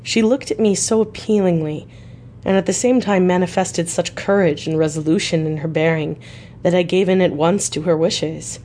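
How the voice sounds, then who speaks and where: A woman narrates a classic novel for a radio reading service. Her voice sits a little low and stays clear, even and unhurried. A faint background hiss sits behind her. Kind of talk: audiobook narration.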